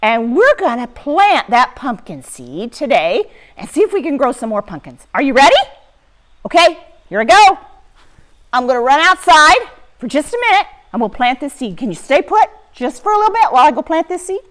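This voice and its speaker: A woman teaching young children in a lively, sing-song way, talking right to them. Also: high-pitched, moderate pace. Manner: animated, sing-song, talks to the kids. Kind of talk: children's lesson. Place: barn.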